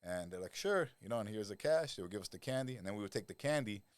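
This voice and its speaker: A middle-aged man, a lifestyle coach talking as a podcast guest, who tells animated stories, swears freely and acts out the people he quotes. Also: on the low side, fast, no echo. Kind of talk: casual podcast conversation.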